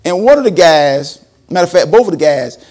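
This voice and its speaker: A man's voice: a little high, lively intonation, a little fast, a little mellow. A man preaching a storytelling sermon, acting out quotes and laughing often. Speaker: preacher and former school principal.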